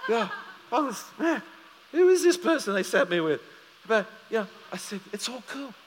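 A man's voice: very high voice, very animated, normal speed, long reverb tail, slight background noise. A man preaching a sermon as pastor, telling stories animatedly and acting out both sides of a conversation.

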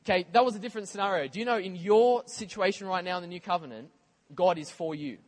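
A man preaching a sermon in a conversational, animated way, with casual asides to the congregation. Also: high voice, fast talker.

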